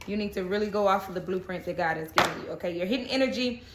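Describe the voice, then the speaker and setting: A woman's voice: mid-range voice, rapid-fire, very noisy. A woman giving a casual spoken tarot reading, chatty and reassuring, often checking in with "okay?". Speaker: tarot reader. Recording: echoey room.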